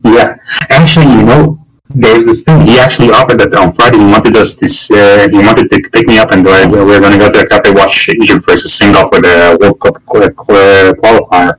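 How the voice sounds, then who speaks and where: A man's voice: on the low side, steady tone, brisk, fairly bright tone, slightly rough, low-quality recording. A man appearing as a guest on a podcast, chatting casually and rambling with frequent hesitations and restarts.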